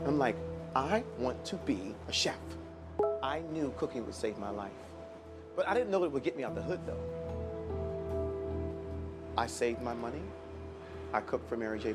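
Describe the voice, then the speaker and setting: A man's voice: mid-range voice, normal speed, long pauses. A man from Washington, D.C., a chef and restaurant owner, telling his life story and acting out other people's lines. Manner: animated, acts out other people's lines in a raised voice. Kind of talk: personal storytelling. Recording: music playing underneath.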